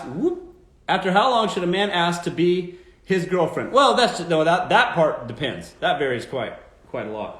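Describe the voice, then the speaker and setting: A man whose slightly high voice has a fairly bright tone rants dating advice on a live stream, blunt, emphatic, and swearing freely, while mocking quoted voices. The room sounds echoey.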